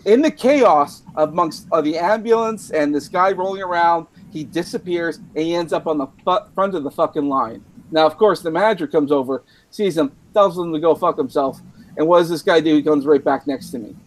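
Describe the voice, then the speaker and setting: Man, drunk, from Canada, fairly high voice, profane rambling storyteller, podcast chat. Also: fairly quick, a little hiss or hum. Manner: rambling, profane, laughing at his own story. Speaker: podcast host.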